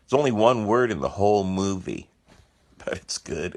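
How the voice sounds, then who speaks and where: A man, a painter, chatting casually about his artwork. He rambles through excited stories full of asides and exclamations. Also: fairly low pitch, normal speed. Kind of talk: casual chat.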